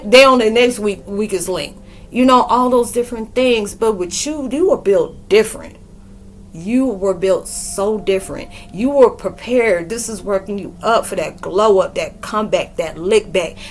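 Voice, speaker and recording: A woman in her forties giving a rambling, slangy spiritual monologue and acting out quoted dialogue in a lively way. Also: medium pitch, unhurried, slight background noise. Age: 40s. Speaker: spiritual podcaster and reader.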